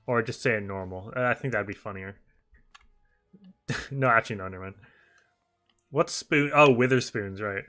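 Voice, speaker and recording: A young man chatting casually on a game livestream, reading viewer messages aloud, talkative and animated with frequent laughter. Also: medium pitch, normal speed, long pauses, soft background music. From United Kingdom. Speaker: streamer.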